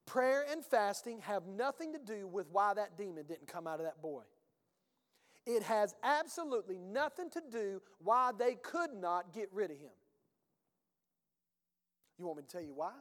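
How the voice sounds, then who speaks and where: A man's voice: sits high, sing-song, measured pace, long pauses, a bit bright, long reverb tail. A male pastor preaching a sermon in a conversational, emphatic way, with rhetorical questions and folksy phrasing.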